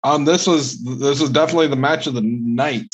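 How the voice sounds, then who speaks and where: A man's voice: medium pitch, a little fast, breathy edge. A man co-hosting a casual podcast, giving blunt, ranting opinions and swearing freely. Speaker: podcast co-host. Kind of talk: casual podcast review chat.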